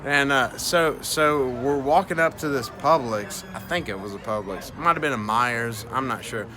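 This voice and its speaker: A man's voice: mid-range voice, moderate pace, background noise. A tipsy man telling a profane, rambling story, full of fillers and restarts. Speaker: guest storyteller. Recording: loud music playing behind. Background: loud music.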